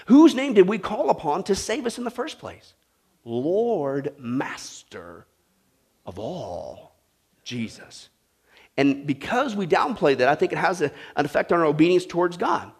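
A man preaching a sermon to a congregation, animated and asking them questions. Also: high-pitched, fast, vocal fry, few pauses, slightly rough. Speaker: pastor. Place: church with a live congregation.

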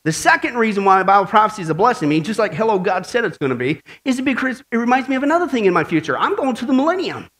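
A male preacher with a high voice delivers a lively sermon. He tells jokes and keeps asking his listeners questions. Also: rapid-fire, hardly any pauses. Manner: animated, tells jokes, asks the congregation questions. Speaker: pastor.

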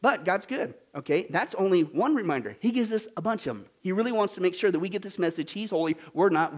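A man preaching a sermon as pastor, lively and animated, asking the congregation questions and dropping into mocking put-on voices. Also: high voice.

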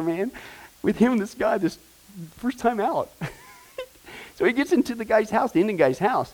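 A man's voice: medium pitch, darkish tone, low-quality recording. A man teaching a Bible discipleship class in a conversational way, often checking in with "right?" and "okay?".

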